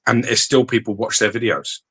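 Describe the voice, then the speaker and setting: A man co-hosting a podcast in casual chat, blunt and animated, swearing freely. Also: medium pitch, a little fast, husky. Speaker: podcast co-host. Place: podcast studio.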